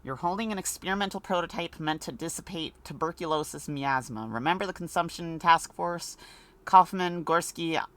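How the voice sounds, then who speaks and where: A woman's voice: lowish voice, moderate pace, fairly bright tone, close to an everyday voice. A woman voicing a pedantic male assistant. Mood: lecturing.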